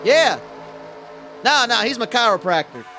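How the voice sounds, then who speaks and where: Rambling high-voiced male race commentator. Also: very animated, unhurried, music in the background. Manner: rambling, folksy, stumbling over words. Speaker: play-by-play commentator.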